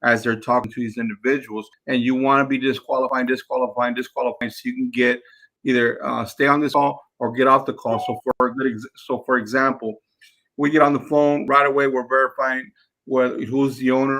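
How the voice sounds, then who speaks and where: Gravelly guy coaching his sales crew live, punchy voice, keeps repeating stuff. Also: medium pitch, level tone, a little fast, pushed and bright. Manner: repeats words, drills points to his crew. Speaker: real estate investor coaching his team.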